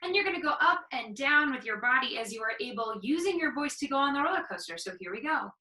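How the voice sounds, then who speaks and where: A woman teaching artist guiding a group movement warm-up with upbeat, encouraging instructions. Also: high-pitched, lively intonation, fast talker, reverberant, distant mic, rough recording.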